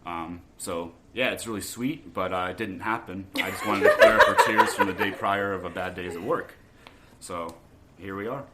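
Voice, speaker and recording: A man's voice: low voice, moderate pace, bright, forceful tone, slight background noise. A man guest in casual podcast chat, rambling and hesitant with lots of ums. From Florida.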